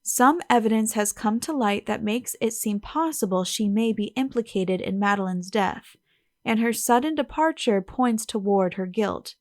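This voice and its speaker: A woman reading as a brisk young gentleman sleuth. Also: mid-range voice, dry recording, clean studio sound, lightly acted. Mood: urgent.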